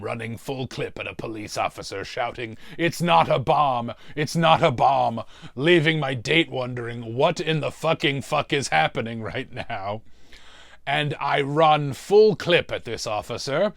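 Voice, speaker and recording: A man's voice: mid-range voice, a bit bright, no room sound, studio quality. A man playing a demonic torturer who hosts a mystery show and tells a comic story about suffering. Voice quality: gravelly, slow, relishing talk of suffering. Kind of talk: comedic in-character storytelling.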